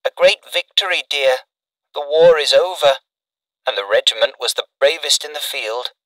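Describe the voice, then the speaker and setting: A man voicing a gentle mother who soothes her wounded son, in a storybook reading. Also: fairly high pitch, unhurried, no echo, voice pushed up, rough recording. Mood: tender. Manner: tender, soothing.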